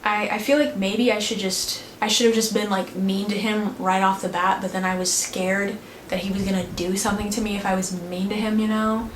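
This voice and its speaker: A woman's voice: mid-range voice, little pitch movement, fairly quick. A young woman vlogger telling a story in casual chat, filling her talk with "like". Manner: chatty, frequent "like" fillers. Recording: echoey room with faint noise.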